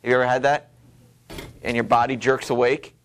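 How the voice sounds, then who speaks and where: A man's voice: mid-range voice, flat delivery, a little fast, creaky. A man teaching a classroom literature lecture, explaining casually with lots of ums and you knows. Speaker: high school literature teacher.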